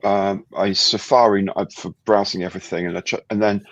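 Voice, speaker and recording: A man's voice: low-pitched, level tone, brisk, no echo, lo-fi sound. A man joining a livestream as a guest, rambling and restarting as he explains things. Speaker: guest on a live model-building stream. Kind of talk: casual live-stream chat.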